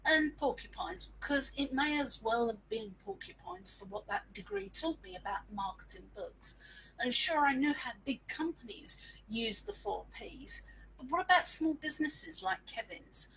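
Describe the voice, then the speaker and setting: A woman's voice: high-pitched, expressive, unhurried, fairly bright tone, slight background noise, poor audio. A woman, telling a frank, self-mocking story in a casual live stream and sprinkling in mild swearing. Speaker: small business owner sharing marketing lessons.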